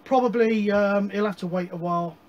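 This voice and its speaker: A man casually chatting about his radio hobby, rambling with many pauses and digressions. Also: sits high, dull audio, slight background noise. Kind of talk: casual chat.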